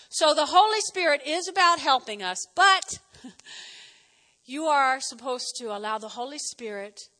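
A middle-aged woman pastor with a New Jersey accent preaching a lively sermon, calling on the congregation to repeat phrases back. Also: high-pitched. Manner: lively, animated preaching with audience call-and-response. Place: church hall. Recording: reverberant hall.

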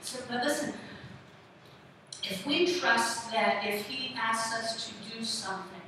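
A woman's voice: a little high, slow pace, pushed and bright. A woman in her sixties preaching a sermon, telling stories and putting questions to the congregation. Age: 60s. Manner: conversational storytelling, questions to the congregation. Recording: echoey hall from far off, audible room noise.

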